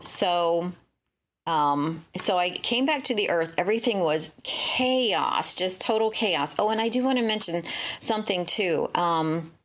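A woman recounting a dream in casual spoken testimony, halting and full of fillers and restarts. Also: lowish voice, animated, a bit bright.

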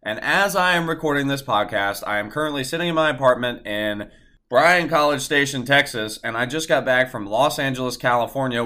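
Brash, bright-voiced young podcast host. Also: male voice, mid-range voice. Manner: animated, profane, talks about himself in third person. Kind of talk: casual storytelling monologue. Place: his apartment, indoors.

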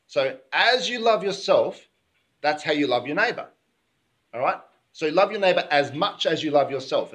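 A man's voice: a little high, a bit bright. Conversational Australian male pastor preaching. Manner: conversational, keeps asking "all right?". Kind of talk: sermon. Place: church.

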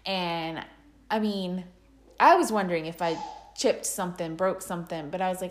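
A woman's voice: lowish voice, normal speed, slight background noise. Laughing woman telling a story. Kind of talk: casual storytelling chat.

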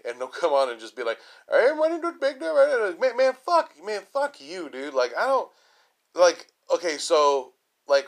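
A man's voice: medium pitch, a bit bright. A man hosting a comedy podcast, ranting in a rambling way, swearing constantly and leaning on fillers like "you know" and "like". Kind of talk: casual profane rant. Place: lives in a large Texas city.

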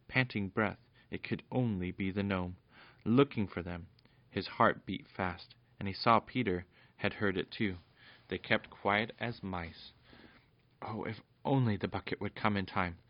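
A man reading a bedtime story aloud to his children, gentle and lively. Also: on the low side, no echo, muffled recording.

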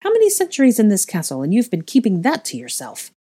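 A woman reading the lines of a gruff, hearty male wizard founder in a blunt manner. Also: fairly low pitch, sing-song, brisk, mellow.

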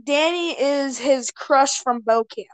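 A woman's voice: sits high, slow pace. A teenage girl hosting a casual chat with friends, teasing and giggly as she steers the topics. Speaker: podcast host.

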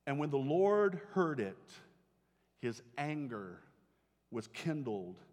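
A male pastor preaching a sermon with animated storytelling, acting out the voices of the people he quotes, in a church sanctuary. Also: fairly high pitch, slow pace. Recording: long hall reverb.

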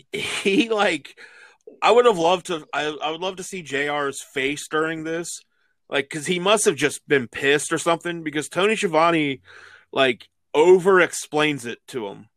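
A man's voice: on the high side, a little slow, a bit bright, dry recording. A man co-hosting a casual wrestling chat, rambling and laughing as he retells moments. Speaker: podcast co-host.

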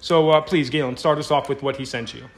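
A man's voice: fairly high pitch, fairly even intonation, fast talker. A young man hosting a casual podcast chat, teasing his guests and laughing often. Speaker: podcast host.

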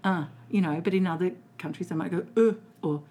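An Australian woman who works as a voice coach, chatting casually in an interview, animated and quick to laugh. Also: fairly low pitch. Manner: animated, laughs often, restarts sentences.

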